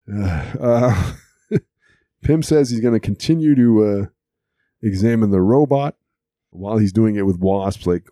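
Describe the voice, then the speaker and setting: This podcast co-host is chatty and amused, laughing often as he recaps a cartoon episode in casual chat. His voice is fairly low and mellow, recorded with clean studio sound and no echo.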